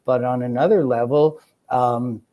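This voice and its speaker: Man, interview guest, reflective, explanatory, warm mellow tone. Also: medium pitch, fairly even intonation, a little slow. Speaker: guest, children's book author. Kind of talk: conversational interview.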